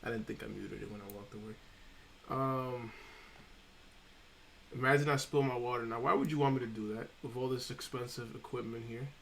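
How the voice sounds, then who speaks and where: A man's voice: medium pitch, steady tone, brisk, creaky, a bit bright, slight background noise. A man streaming live, chatting casually from his home setup and rambling and correcting himself as he goes. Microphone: desk microphone.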